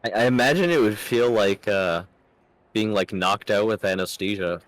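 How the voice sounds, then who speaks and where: A man playing a tabletop game, chatting in a relaxed, unhurried way. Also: on the low side. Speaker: player. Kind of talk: casual tabletop role-play.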